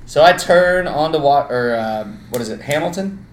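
A young man telling an animated, profane story in casual podcast chat, acting out the voices of the people in it. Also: fairly high pitch, moderate pace. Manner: animated storyteller, swears freely, acts out quoted voices. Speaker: podcast co-host. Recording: echoey room with faint noise.

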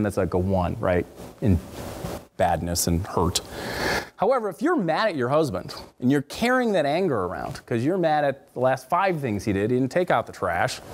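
A middle-aged man, a counselor, giving a faith-based parenting talk in an emphatic way. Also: slight background noise. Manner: animated, emphatic, swings pitch high for emphasis.

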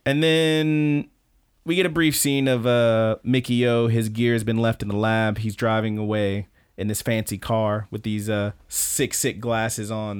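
A man co-hosting a podcast, casually recapping events in an excited play-by-play with some swearing. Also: lowish voice, smooth, no echo, clean studio sound. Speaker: podcast co-host.

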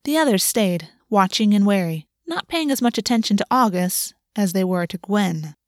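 An audiobook narrator with a middle-pitched voice reads a fantasy novel in steady, measured narration. The recording is close and dry, with no room sound.

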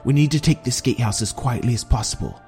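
A man's voice: mid-range voice, fast, darkish tone, faint music behind, lightly acted. A male narrator voicing a stern male general who gives clipped, urgent orders. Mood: planning.

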